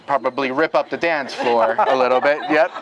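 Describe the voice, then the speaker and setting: A man officiating an outdoor wedding ceremony in a city park, gently leading the couple through their vows line by line. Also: mid-range voice, normal speed, dull audio, a crowd in the background.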